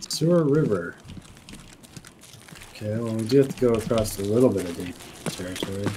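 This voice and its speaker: Calm man calling out routes over clicks. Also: fairly low pitch, fairly quick. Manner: practical, calm, planning routes. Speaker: co-op teammate in a shooter game. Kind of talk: casual gameplay chat. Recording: noisy with mouse clicks. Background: mouse clicks.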